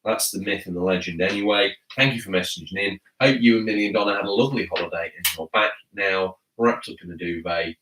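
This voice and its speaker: A man's voice: deep voice, fast, hardly any pauses, a bit bright, far from the mic, a little hiss or hum. A grown man hosting a casual live gaming podcast, teasing his co-host and reading chat messages aloud. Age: adult. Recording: echoey room, away from mic.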